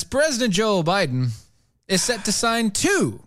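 A man's voice: high-pitched, sing-song, unhurried, fairly bright tone. A married man co-hosting a casual comedic chat show, teasing his co-host and reading news aloud. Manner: teasing, playful, reads news items aloud. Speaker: podcast co-host.

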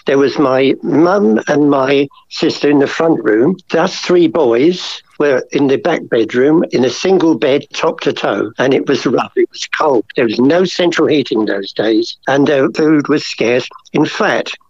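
A man's voice: medium pitch, lively intonation, a little slow, few pauses, darkish tone, no room sound. An older man, a painter telling long rambling stories about his childhood as an interview guest. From England. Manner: rambling, chatty, many asides. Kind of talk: casual storytelling interview. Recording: slightly dull lo-fi audio.

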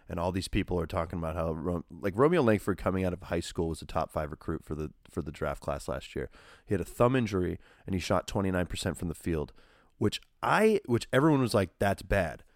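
A man co-hosting a podcast, chatting casually about basketball in a rambling, animated way, full of fillers and restarts. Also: sits low, brisk, no room sound, studio quality. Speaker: podcast co-host. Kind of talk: casual sports chat.

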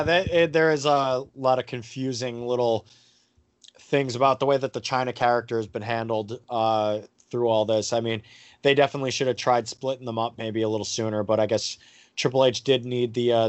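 A man's voice: medium pitch, fairly even intonation, a little fast, no room sound. Rambling male podcast host, dry sound. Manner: rambling with many fillers, crude jokes. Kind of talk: casual podcast chat.

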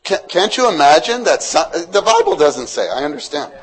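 A man's voice: a little high, normal speed, slightly rough, poor audio. A man preaching a sermon, quizzing the congregation and retelling stories with animation. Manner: questions to the congregation, animated storytelling.

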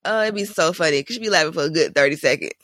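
A woman co-hosting a podcast, telling stories in an animated way, laughing often and acting out quotes. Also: low-pitched, very fast, dry recording, clean studio sound. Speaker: podcast co-host. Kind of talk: casual podcast chat.

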